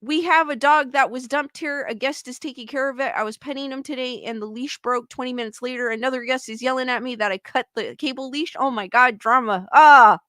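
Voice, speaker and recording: Bright high-voiced woman livestreamer. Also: a little fast, few pauses, no echo, clean studio sound. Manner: exclaims in disbelief, rambling and talkative. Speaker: livestream host. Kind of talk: casual chat reacting to news and reading chat.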